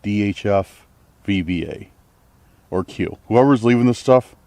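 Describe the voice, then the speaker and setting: A man's voice: lowish voice, a little slow, dark tone, no room sound. A man vlogging to camera on a forest trail at night, rambling uneasily and packing his talk with fillers. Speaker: outdoor vlogger exploring trails.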